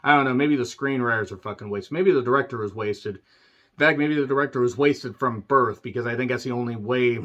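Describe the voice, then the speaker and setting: A man ranting through a movie recap, sarcastic and profane, often clearing his throat. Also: mid-range voice, a bit bright. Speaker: movie reviewer.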